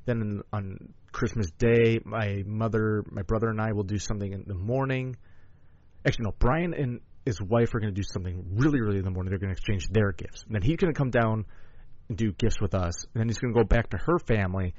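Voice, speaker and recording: A man with a lowish voice chats casually on a podcast. He tells stories in a rambling, profane way and often restarts his sentences. The recording sounds dull and lo-fi. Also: fairly quick, darkish tone, no room sound. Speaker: podcast co-host. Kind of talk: casual chat.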